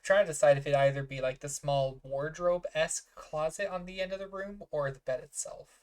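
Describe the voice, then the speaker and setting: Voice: medium pitch, brisk. A game master narrating a tabletop game in a casual, filler-heavy way, working out rules aloud.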